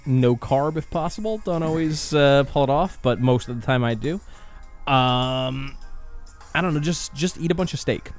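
A young man talks bluntly and casually on a podcast, swearing freely with a laid-back ease. His voice sits at a middle pitch. Faint music runs behind him. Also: moderate pace. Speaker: podcast co-host. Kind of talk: casual chat.

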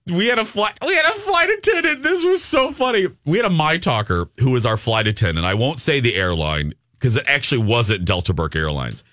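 A middle-aged man hosts a radio show and tells campy, sassy stories in casual chat. His pitch swoops all over as he talks. The studio sound is dry and close. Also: brisk, hardly any pauses, dry recording. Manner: animated storyteller, campy and sassy. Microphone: studio mic.

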